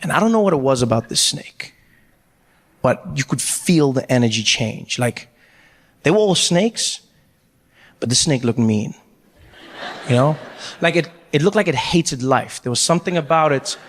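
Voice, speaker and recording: A man performing stand-up comedy, telling a story with animated delivery. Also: mid-range voice, moderate pace, long pauses, big-room sound. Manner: animated storytelling, jumping into voices.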